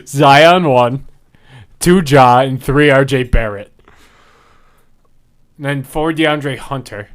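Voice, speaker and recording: A man's voice: mid-range voice, takes it slowly, long pauses, smooth. A man co-hosting a podcast in casual chat, reading messages aloud from his phone and laughing between lines. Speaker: podcast co-host.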